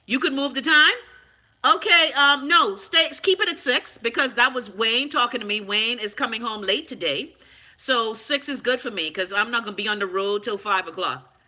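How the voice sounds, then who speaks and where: A Bahamian woman hosting a casual live stream, frank and animated, swearing freely and answering viewer comments. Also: on the high side, moderate pace. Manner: loud, animated, talks back to viewer comments.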